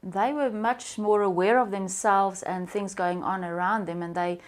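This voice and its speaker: A woman's voice: medium pitch, steady tone, moderate pace. A woman interviewer who works as a children's therapist, listening attentively and adding her own comments. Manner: attentive, brief affirming replies. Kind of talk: interview conversation.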